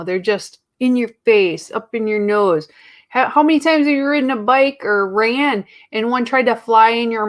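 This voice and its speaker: Chatty, jokey woman host. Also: medium pitch. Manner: chatty, jokey, giggly asides, lots of fillers. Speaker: host, librarian. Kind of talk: casual chat.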